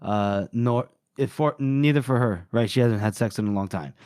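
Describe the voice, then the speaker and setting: A man co-hosting a podcast, chatting casually about a book and retelling scenes with animated voices. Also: medium pitch, moderate pace, clean tone, no echo, clean studio sound. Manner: animated retelling, playing out characters' lines. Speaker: podcast co-host.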